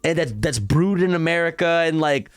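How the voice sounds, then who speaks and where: A man's voice: fairly high pitch, animated, normal speed, smooth, no echo. A man streaming, giving casual reaction commentary in a profane, sarcastic, rambling way full of fillers.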